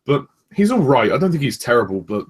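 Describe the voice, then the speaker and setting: A young man hosting a casual review chat, rambling with many pauses and restarts. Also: medium pitch, very animated, slightly rough. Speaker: host of a review discussion.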